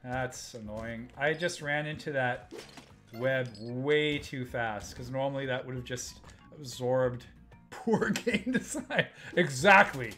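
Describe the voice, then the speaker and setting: A man's voice: medium pitch, slow pace, pushed and bright, faint music behind. A man hosting a live stream, giving casual gameplay commentary, muttering to himself and chatting with viewers as he plays.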